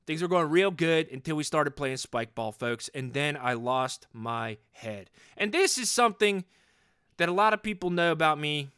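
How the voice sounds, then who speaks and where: A man's voice: on the high side, pushed and bright, smooth, dry recording, clean studio sound. A man in his forties playing a hot-headed, overcompetitive sports dad in an improvised comedy podcast monologue, rambling and boastful and repeating himself. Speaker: podcast host in character.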